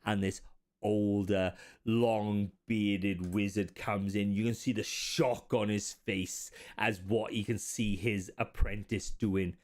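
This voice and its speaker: A man's voice: fairly low pitch, slow pace. A man with an Australian accent running a tabletop game as dungeon master, narrating and laughing often. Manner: laughs often, lively storytelling.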